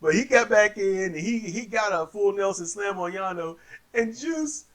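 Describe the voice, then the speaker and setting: A man casually recapping wrestling matches as a co-host, telling it in an animated way and acting out the wrestlers. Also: moderate pace. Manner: animated storyteller, acts out wrestlers in high voices.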